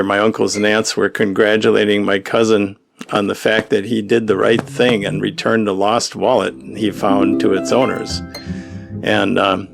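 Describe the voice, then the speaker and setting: A man's voice: lowish voice, gravelly. An older man, a cartoonist and publisher, telling wry, sardonic anecdotes in a reflective lecture style. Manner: wry, storytelling, dryly sardonic. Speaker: cartoonist and humor magazine publisher. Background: background music.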